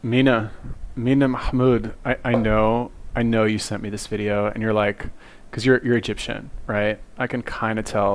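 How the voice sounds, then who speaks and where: Gravelly, fast-talking young man riffing. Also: lowish voice. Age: young adult. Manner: rambling, profane, self-mocking, full of fillers. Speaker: video commentator. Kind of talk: casual reaction commentary. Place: his cluttered bedroom. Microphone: webcam.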